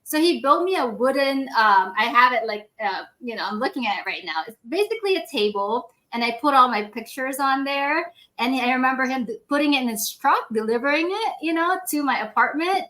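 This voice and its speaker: A woman in her forties, a medical device sales rep guesting on a podcast, telling stories in a casual, animated way, laughing often and acting out quoted dialogue. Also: high-pitched, a little fast, hardly any pauses. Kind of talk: casual storytelling interview.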